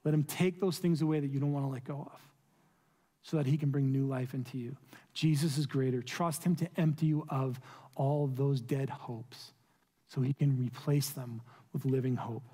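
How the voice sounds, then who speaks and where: A man's voice: mid-range voice, fairly even intonation, moderate pace, dark tone, husky. A male pastor preaching a sermon, earnest and pleading, asking his listeners rhetorical questions. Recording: long reverb of a large room.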